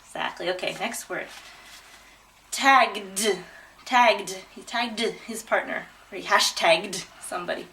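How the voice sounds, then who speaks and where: A woman teaching pronunciation, drawing out each word slowly and clearly. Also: medium pitch, bright, forceful tone, recorded from a distance, a little hiss or hum, low-quality recording. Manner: slow, drawn-out, over-articulated. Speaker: English pronunciation tutor. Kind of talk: demo pronunciation lesson.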